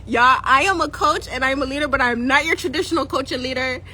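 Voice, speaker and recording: Speaking fast in a high-pitched voice, this spiritual coach and YouTube host recounts history for her audience with jokes, lively energy, frequent laughter, and bits of patois in her Jamaican accent. She's a young woman, and the rough recording carries slight background noise.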